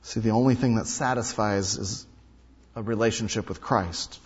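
A male pastor preaching a sermon, emphatic, repeating key lines and swinging between loud and hushed delivery. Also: on the low side, normal speed, slightly rough. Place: large hall or sanctuary. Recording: dull sound with long hall reverb.

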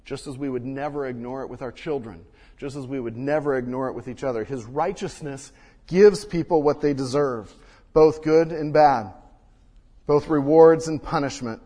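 A man preaching a sermon and reading scripture, swinging between loud emphasis and hushed quiet, recorded in a church sanctuary. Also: mid-range voice, normal speed, husky. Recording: long reverb of a large hall.

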